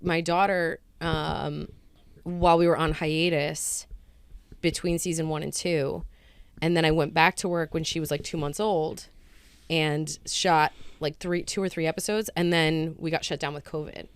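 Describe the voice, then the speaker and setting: A woman's voice: low-pitched, a little slow, clear, resonant tone, no echo. A woman in her thirties from Rhode Island, a guest actress telling stories in casual chat and acting out the quotes. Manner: animated storyteller acting out quotes.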